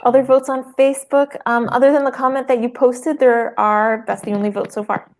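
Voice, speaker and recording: A woman comedian on a comedy game show, making a wry, deadpan pitch with dry asides. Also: a little fast. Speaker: comedian panelist and co-host.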